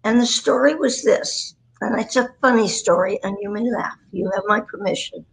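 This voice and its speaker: A woman's voice: medium pitch, moderate pace, vocal fry, slight background noise, poor audio. A woman in her nineties, a voice performer, telling rambling anecdotes with self-deprecating humor in a chatty interview. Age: 90s. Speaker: guest, voice performer.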